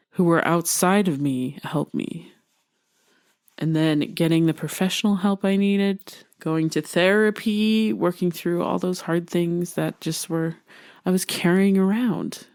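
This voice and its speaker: A woman's voice: lowish voice, a little mellow, dry recording, studio quality. Candid woman hosting a podcast. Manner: open and earnest, laughs often, many fillers. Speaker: podcast host. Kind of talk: candid personal podcast talk.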